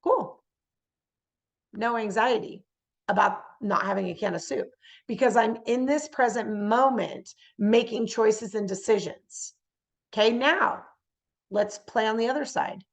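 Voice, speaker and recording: Woman, high voice, motivational spiritual talk, checks in with listeners, acts out everyday scenes. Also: a little slow, creaky. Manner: checks in with listeners by asking "yes?" and "right?". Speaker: spiritual speaker.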